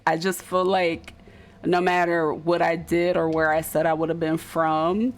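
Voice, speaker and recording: A woman's voice: low voice, level tone, a little slow. A woman with a South Jersey accent, chatting casually with her audience as a streamer, tired and rambling at the end of a late night. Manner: chatty, rambling and loose, with slang. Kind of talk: casual chat.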